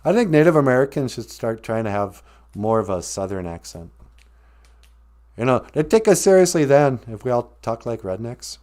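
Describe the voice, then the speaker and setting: A man's voice: mid-range voice, very animated, normal speed, a little mellow. Brief: male stream host, rambling comedic chat, laughs at his own jokes, mid-range voice. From Ojibwe reservation, US. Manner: joking, rambling, laughs often.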